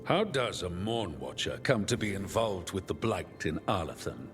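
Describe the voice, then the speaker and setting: A man's voice: sits low, sing-song, normal speed, over music. An actor playing a stern, formal male commander in a video game, who questions others in a cold, demanding way. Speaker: the First Warden, a military commander.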